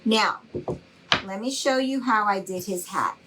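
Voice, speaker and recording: A woman's voice: medium pitch, unhurried, noisy background. A middle-aged woman, giving a live craft tutorial in a chatty, reassuring way and greeting viewers by name. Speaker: craft instructor.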